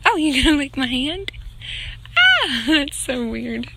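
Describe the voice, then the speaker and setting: A woman's voice: high voice, very animated, slow pace. A woman in her twenties with a Southern US accent, chatting cheerfully on a family vlog and calling out to her kids. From northern Mississippi, US. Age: 20s. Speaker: family vlogger. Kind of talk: casual vlog narration. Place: outdoor farm and pumpkin patch. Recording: outdoor noise behind the voice.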